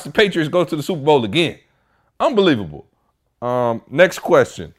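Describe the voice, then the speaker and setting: A man's voice: a little high, big pitch swings, moderate pace. Man ranting in mock exasperation. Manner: exasperated joking rant. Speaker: podcast host. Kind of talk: casual chat.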